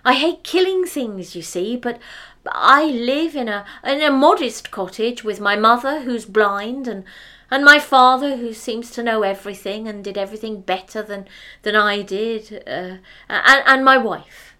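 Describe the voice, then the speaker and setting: A woman's voice: a little high, lively intonation, measured pace, sharp tone. A woman voicing a timid, put-upon male hunter who rambles and stammers over his words. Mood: fretful.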